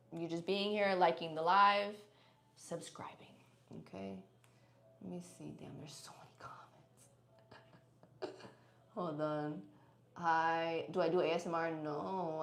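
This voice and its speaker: A young woman chatting casually on a live stream, reading comments and laughing often. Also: on the low side. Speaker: livestreamer. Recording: echoey room.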